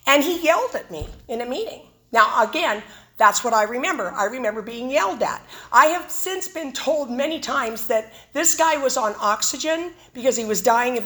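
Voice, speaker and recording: Woman, bright forceful voice, higher pitch, humorous testimony talk. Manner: humorous, animated storytelling. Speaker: speaker at a recovery meeting.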